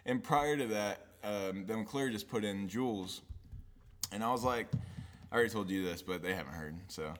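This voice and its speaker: A man's voice: lowish voice, moderate pace, fairly bright tone. A young man telling a story in a casual chat, laughing often and swearing freely.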